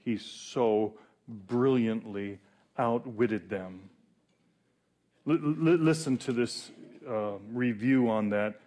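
A male pastor preaching a sermon in a conversational, animated way with fillers and pauses. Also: mid-range voice.

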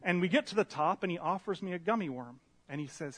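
Brief: higher-pitched male preacher, animated storyteller, pokes fun at himself. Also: fast talker, hardly any pauses, slight background noise. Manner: animated, self-deprecating storyteller. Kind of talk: storytelling sermon. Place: church meeting room with a slide screen.

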